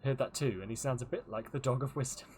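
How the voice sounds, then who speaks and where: A man's voice: medium pitch, quick pace, a little mellow, a little hiss or hum. A male streamer giving casual gameplay commentary, joking around and riffing on silly voices.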